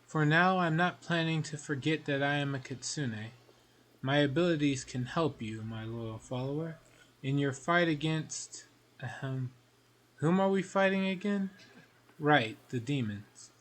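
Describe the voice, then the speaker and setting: A man's voice: on the high side, measured pace, fairly bright tone. Brief: man voicing a dry, aloof female fox-spirit scholar, game dialogue read aloud.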